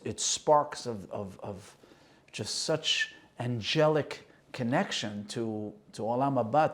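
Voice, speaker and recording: A man hosting a conversation, telling a personal story with emotion and acting out the quoted dialogue. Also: on the low side. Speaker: host and singer.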